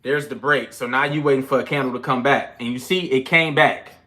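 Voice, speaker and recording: A man's voice: mid-range voice, a little fast. A young man in a casual trading livestream, talking loose and slangy, out of breath after push-ups. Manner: loose, slangy and animated, counting push-ups between chart talk. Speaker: trading channel host.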